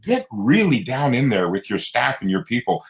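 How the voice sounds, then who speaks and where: A middle-aged man, a guest coach and speaker, telling his personal story in an earnest, animated way, with his voice jumping up sharply for emphasis. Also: moderate pace, rough recording. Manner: earnest, animated, pitch jumps high for emphasis.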